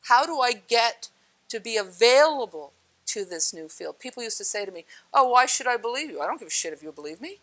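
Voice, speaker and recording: A woman's voice: fairly high pitch, animated, a little fast. Blunt, chatty woman spiritual speaker. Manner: blunt and direct, swears casually; chatty, asks the listener questions. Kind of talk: casual spiritual talk to an audience.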